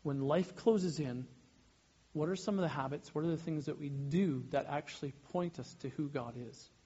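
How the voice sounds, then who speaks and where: Guy pastor in his 30s preaching, kinda raspy, keeps restarting sentences, muffled recording. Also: on the high side, normal speed. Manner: animated, self-interrupting, acts out little scenes. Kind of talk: sermon.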